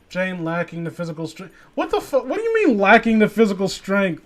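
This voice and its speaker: Young man, comedic reading, ranting asides, fairly high voice. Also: sing-song, brisk. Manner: ranting, sweary and incredulous. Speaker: reader and commentator. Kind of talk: comedic dramatic reading with commentary.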